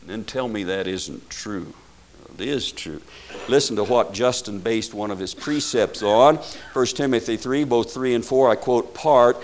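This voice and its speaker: An older man delivers a sermon in an even, mid-pitched voice. He leans hard on key words, swelling louder and higher for emphasis, and keeps asking his listeners questions. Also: unhurried. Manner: emphatic preaching with rising, loud stresses and rhetorical questions. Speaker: pastor.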